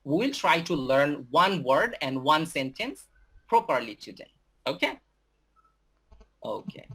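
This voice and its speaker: Husky Bangladeshi man teaching English. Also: fairly high pitch, sing-song, sharp tone. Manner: halting, many fillers and restarts. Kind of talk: giving a talk to students.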